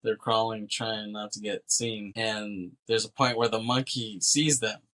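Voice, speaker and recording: A man with a somewhat low voice co-hosts a casual movie podcast. He retells the plot in an animated, loose way, swearing freely and acting out the dialogue. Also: a little slow. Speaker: podcast co-host. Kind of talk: casual movie recap chat.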